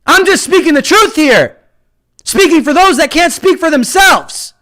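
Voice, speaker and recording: A man hosting a live stream, ranting about politics with heated passion, often shouting and taunting his viewers. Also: extremely high pitch, lively intonation, measured pace. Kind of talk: political commentary rant.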